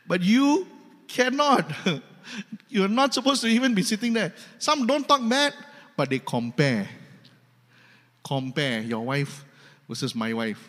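A male pastor with a Malaysian English accent preaches emphatically, repeating his points with humor. His voice sits high, and a long hall reverb follows each phrase. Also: sing-song, slow pace, pauses often, fairly bright tone. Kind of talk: sermon.

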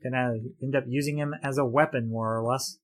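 Man, podcast co-host, casual film commentary, rambling, halting, laughs often. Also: mid-range voice, steady tone.

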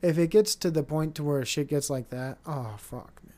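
A man's voice: on the high side, moderate pace, mellow. A young adult man hosting a casual solo podcast, rambling and swearing, often mocking other people in put-on voices. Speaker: podcast host.

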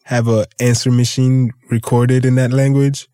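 A man's voice: medium pitch, level tone, normal speed, mellow, no echo, clean studio sound. A man hosting a podcast, telling stories in a loose, rambling way, swearing freely and laughing often. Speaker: podcast host. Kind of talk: casual storytelling chat.

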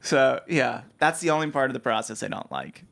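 A young man co-hosting a podcast, telling a story with animated delivery and frequent laughter. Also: mid-range voice, fairly quick, vocal fry. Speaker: podcast co-host. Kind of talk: casual chat.

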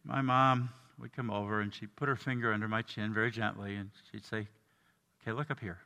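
An older man preaching a sermon as pastor, earnest, dropping soft and low and then rising to emphatic lines. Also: little pitch movement, a little fast, vocal fry, long reverb tail. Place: church.

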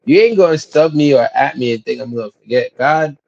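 A man's voice: mid-range voice, expressive, fairly quick, gravelly, a little mellow. A man co-hosting a podcast in casual banter, playful and teasing with emphatic interjections. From New England. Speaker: podcast co-host. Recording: dull lo-fi sound.

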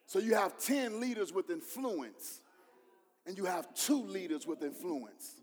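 A man's voice: sits high, animated, a little slow, a little mellow, long reverb tail. A man preaching a sermon, building in intensity and voicing other people as he goes. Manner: preaching with rising intensity, acting out voices of others. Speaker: pastor.

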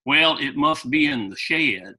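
A man putting on a gruff Southern junkyard owner. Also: medium pitch, animated, unhurried, pushed and bright, exaggerated voice, poor audio.

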